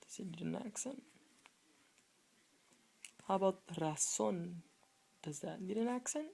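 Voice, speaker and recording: A woman's voice: medium pitch, a little slow, creaky, mellow, slightly rough. A woman teaching in a casual video lesson, repeating each example word several times and quizzing the viewers. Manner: asks the viewers quiz questions. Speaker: Spanish tutor.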